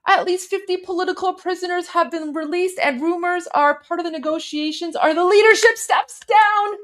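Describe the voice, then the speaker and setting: High-voiced gushing woman livestream host. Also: moderate pace. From Iran. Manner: gushing and excitable, many repeated phrases; addresses viewers as guys. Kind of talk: casual livestream chat.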